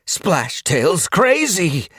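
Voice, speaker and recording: A terrified she-cat begs for help in a high, wailing voice, as a man reads her part in an audiobook. She whimpers and pleads, breathy and shaken. The sound is close and dry. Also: sing-song, drawn-out words, a bit bright, no echo, exaggerated voice. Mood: pleading. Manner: whimpering, begging. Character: frightened female cat, pleading, badly hurt. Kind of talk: audiobook character voice.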